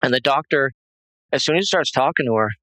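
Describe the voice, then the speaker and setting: A man being interviewed talks fast in a sharp-toned, medium-pitched voice, retelling a tense personal story in a rambling, agitated way full of restarts and fillers. The recording is low-quality but has no echo.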